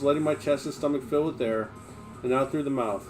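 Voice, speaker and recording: A man's voice: medium pitch, brisk, a little mellow, soft background music. A man reading a memoir aloud on a livestream, in an emphatic, blunt manner with plenty of swearing.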